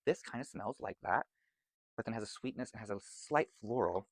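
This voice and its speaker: Showing off his candles, this man gushes about their scents in a rambling, excited product chat to camera. He speaks at normal speed in a lowish voice, with no echo.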